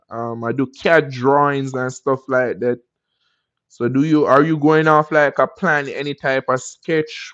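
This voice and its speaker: A Jamaican man with a slightly high voice hosts a live stream and chats loosely with his viewers. He wanders into encouraging life advice between answering comments. The audio is dull and lo-fi. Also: fairly bright tone, no echo. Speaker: livestream host.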